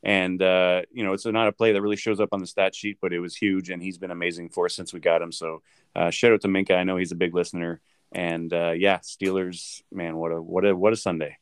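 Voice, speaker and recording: A man co-hosting a podcast, chatting about football in a lively, joking way and laughing often. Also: sits low, a little fast, clear, resonant tone, no echo, studio quality. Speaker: podcast co-host. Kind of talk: casual sports chat.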